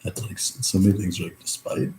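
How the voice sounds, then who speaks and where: A man's voice: low-pitched, little pitch movement, quick pace, mellow, a little hiss or hum. A young man in a reflective personal monologue, rambling through many fillers and swearing freely. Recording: echoey room.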